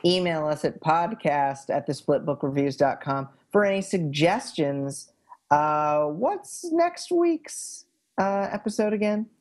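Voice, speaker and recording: A man's voice: fairly high pitch, measured pace. Playful man cohosting a podcast, jokey casual chat. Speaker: podcast co-host.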